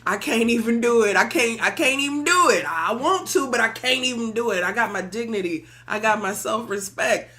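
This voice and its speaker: A woman's voice: fairly high pitch, lively intonation, rapid-fire, pauses often, voice pushed up, close to an everyday voice. A woman voicing a proud, offended male healing spirit who mocks those who rejected him. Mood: indignant. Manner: mocking, loud and indignant.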